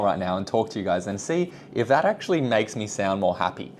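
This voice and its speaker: A man's voice: fairly low pitch, expressive, a little fast, hardly any pauses, a little hiss or hum. A young man talking casually about communication skills, rambling and self-deprecating, often trailing off into asides. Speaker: vlogger. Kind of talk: casual self-improvement vlog.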